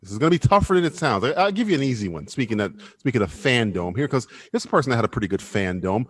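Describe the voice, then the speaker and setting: A man's voice: mid-range voice, big pitch swings, fast talker, no echo, clean studio sound. A man hosting a casual livestream talk show, running a quiz game with rowdy joking, frequent swearing and stammered restarts. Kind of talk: casual profane livestream banter.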